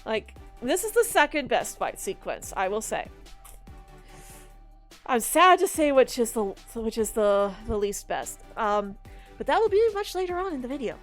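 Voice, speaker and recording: A woman giving casual movie commentary in an animated, exasperated, rambling way. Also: fairly high pitch, normal speed, soft background music. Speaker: video commentator.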